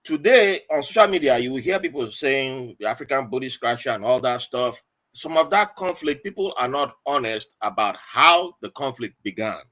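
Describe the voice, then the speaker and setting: Man, 40s, podcast guest; bright, lively storyteller. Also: medium pitch, normal speed. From Nigeria. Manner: animated, acts out quoted voices.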